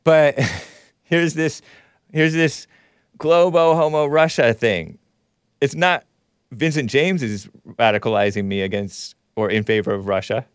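A man with a medium-pitched, smooth voice reads a news article aloud at a measured pace, breaking in with sarcastic, mocking asides and chuckles. He's the host of a commentary show, delivering a casual monologue in clean studio sound with no room echo.

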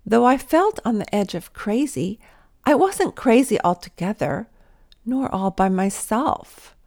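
A woman's voice: on the high side, lively intonation, measured pace, creaky, darkish tone. A woman giving a devotional talk in an earnest, intimate manner, sometimes dropping to a whisper. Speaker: Christian speaker.

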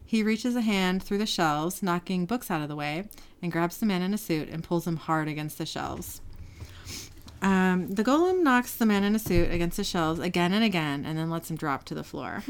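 On a laid-back podcast, a woman with a lowish, expressive, smooth voice walks through a TV episode scene by scene at an ordinary pace. She reads the characters' lines aloud, briefly shifting her voice for each, and laughs a lot along the way.

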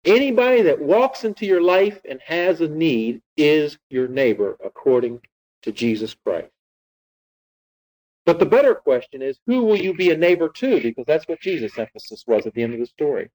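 A man's voice: a little high, sing-song, normal speed, a little mellow, low-quality recording. A man preaching as a pastor, retelling a scripture story and teaching with frequent rhetorical questions. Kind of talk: sermon.

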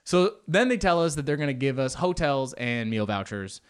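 A man hosting a podcast, telling a travel story in a rambling, animated way with sarcastic asides. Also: medium pitch, normal speed, clean tone. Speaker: podcast host. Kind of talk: comedic storytelling.

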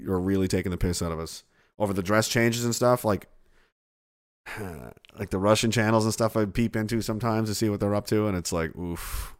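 A man's voice: on the low side, steady tone, a little fast, smooth. A man, streaming and reading chat aloud in casual, sarcastic, profane rambling. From Canada.

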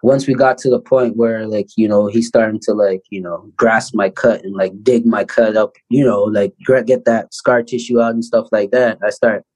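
A man in his thirties from Canada, a guest telling a personal story in a casual interview with lively, animated delivery. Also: fairly low pitch, normal speed, hardly any pauses, rough recording. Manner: animated storyteller, acts out quoted voices loudly. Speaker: guest, basketball player.

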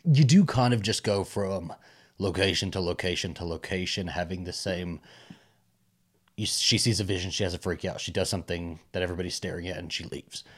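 A man's voice: fairly quick, husky. A man co-hosting a podcast, talking casually about a film, swearing freely and acting out characters. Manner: animated, swearing, mimics characters in high voices. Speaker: podcast co-host.

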